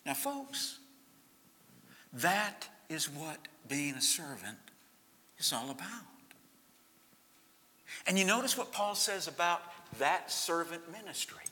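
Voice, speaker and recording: Male pastor preaching with a sharp, tense edge, swinging loud and hushed, reverberant church hall. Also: a little high, expressive, takes it slowly, long pauses. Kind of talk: sermon.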